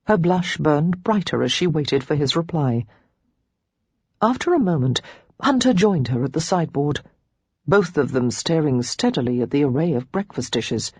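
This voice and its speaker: A woman reading a romance novel aloud as an audiobook narrator, giving each character a pitch and tone of their own. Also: animated, moderate pace, a little mellow, breathy edge, no room sound.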